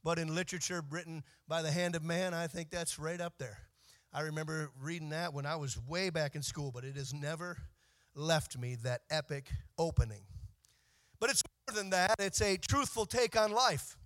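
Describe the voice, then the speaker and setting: A man preaching a sermon, moving from quiet, measured reading to shouted, sing-song preaching. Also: a little high.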